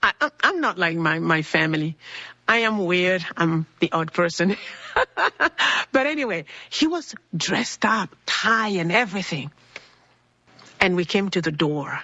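A woman's voice: lowish voice, expressive, normal speed, pushed and bright, no echo, lo-fi sound. A woman earnestly telling a personal faith story, acting out the people in it as she goes. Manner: earnest, acts out quoted people in her story. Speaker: speaker sharing a personal faith testimony.

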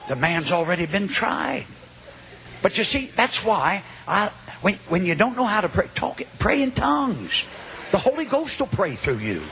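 An older male Pentecostal preacher with a high, ringing voice that climbs into shouts. He drops low for asides and then builds again. A faint hiss sits under the recording. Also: sing-song, normal speed, gravelly. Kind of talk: Pentecostal sermon.

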